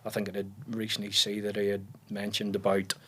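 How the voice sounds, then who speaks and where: A man in his forties with a Northern Irish accent, a podcast guest telling relaxed stories in casual chat, often restarting his sentences around fillers. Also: fairly low pitch, a little fast, a little hiss or hum. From Northern Ireland.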